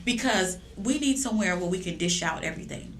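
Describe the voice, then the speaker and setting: A woman guest in a podcast conversation, speaking earnestly and affirmingly, jumping higher when she quotes herself. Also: lively intonation, fairly quick. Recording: echoey room with faint noise.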